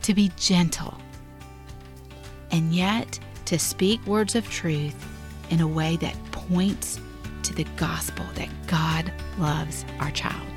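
A middle-aged woman hosting a devotional parenting podcast, speaking in an earnest, gentle teaching tone. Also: sits low, slow, music in the background. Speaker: podcast host.

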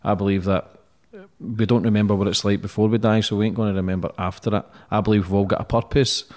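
A low-voiced man hosting an interview podcast speaks quickly in a flat, level tone. He mostly offers brief encouraging murmurs, then muses reflectively at length. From England. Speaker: podcast host.

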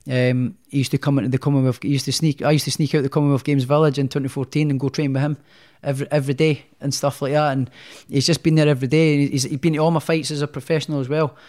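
A young man chats through his boxing career, his stories rambling with a lot of restarts. His voice sits at a middle pitch for a man, loose and unscripted. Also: fast talker, few pauses. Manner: rambling, animated storyteller with many restarts. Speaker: professional boxer, guest. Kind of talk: casual storytelling interview.

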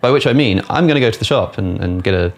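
British man, hesitant and low. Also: lively intonation, fast. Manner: hesitant, polite, many restarts. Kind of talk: careful conversational questioning.

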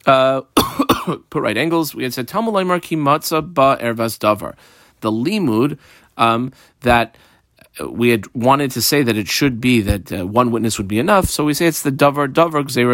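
Man, Talmud teacher, reads the text then explains each line, lively rising and falling pitch, dry close sound. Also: no room sound. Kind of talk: recorded study lesson.

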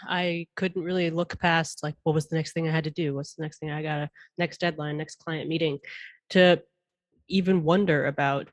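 A woman in her thirties, a podcast guest, talking in a chatty, animated way and laughing often. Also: low-pitched, normal speed, no echo. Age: 30s. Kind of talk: casual interview chat.

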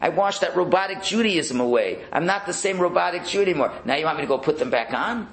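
A man's voice: fairly high pitch, expressive, fast talker, gravelly, a bit bright, voice pushed up. A man acting out a fervent rebbe pleading with God. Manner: fervent, near tears. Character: ecstatic male Hasidic rebbe pleading with God.

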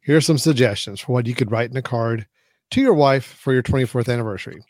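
A man's voice: mid-range voice, fast talker, darkish tone, no echo, clean studio sound. A man co-hosting a casual tech chat, rambling with many restarts and laughing easily. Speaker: co-host.

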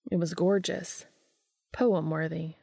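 A woman reads a story aloud in a steady, measured voice. Her tone is low and gravelly, and the recording is dry and close. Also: dry recording. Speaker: narrator.

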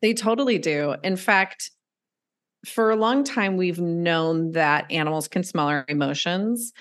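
A woman's voice: on the low side, measured pace. A woman guest on a podcast, an animal intuitive, explaining things in an earnest, fond, conversational way. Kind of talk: interview conversation.

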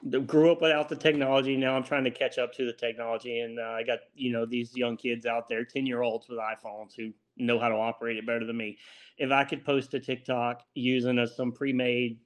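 A laid-back man with a Louisiana accent, a guest in a relaxed interview. He chuckles often and pokes fun at himself, his voice sitting at an ordinary middle pitch. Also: fairly quick. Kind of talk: casual interview chat.

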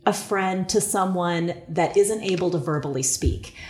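A woman's voice: fairly low pitch, measured pace, a little mellow, a little hiss or hum. A woman hosting a podcast about her daughter's friendships, asking questions and speaking in an affirming way. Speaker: host, parent. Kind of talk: podcast conversation. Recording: echoey room.

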